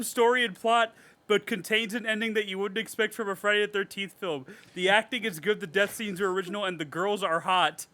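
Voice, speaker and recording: Bright high-voiced sarcastic podcast guy. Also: normal speed. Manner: animated, sarcastic, swears often. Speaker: podcast co-host reading horror movie reviews. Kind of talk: casual podcast chat.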